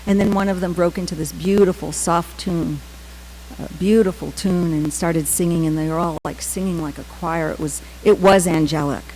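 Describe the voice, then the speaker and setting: A middle-aged woman giving a temple class, telling personal stories with many "um" pauses and acted-out quotes. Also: fairly low pitch, fairly even intonation, mellow, slight background noise, poor audio. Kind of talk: scripture class with personal storytelling.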